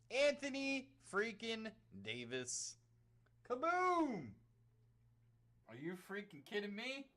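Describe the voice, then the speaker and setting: A woman hosting a live card-break stream, shouting excited exclamations as she reveals cards. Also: high voice.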